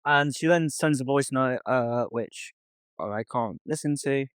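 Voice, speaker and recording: Smooth and medium-pitched, a young podcast co-host speaks a little slowly in a dry recording. During casual chat he tells a story by reading text messages out loud, swearing often.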